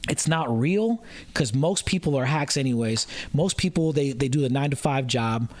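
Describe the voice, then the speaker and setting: A man's voice: mid-range voice, lively intonation, moderate pace. A male comedian co-hosting a casual podcast chat, talking animatedly, acting out people's voices and swearing freely. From San Francisco Bay Area.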